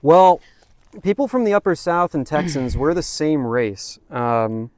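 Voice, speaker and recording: A man co-hosting a casual podcast, teasing his partner in quick banter. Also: a little high, expressive, a little mellow, dry recording, studio quality. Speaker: podcast co-host. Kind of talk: casual chat.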